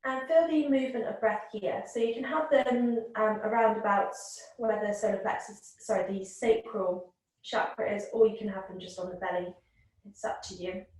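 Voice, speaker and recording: A woman teaching a yoga class, guiding the breath in a calm, gentle, unhurried way. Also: on the high side. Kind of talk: guided yoga and breathing instruction. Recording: very echoey room, voice from a distance.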